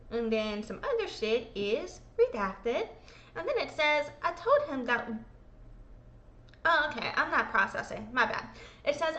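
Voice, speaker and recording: High-voiced irreverent woman reading documents. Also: a bit bright, lo-fi sound. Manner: irreverent, swears freely, self-mocking. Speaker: host. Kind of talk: casual commentary reading court documents. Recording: echoey room.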